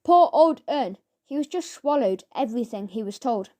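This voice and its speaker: A woman narrating a children's audiobook in a measured storytelling manner. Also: on the high side, expressive, warm tone.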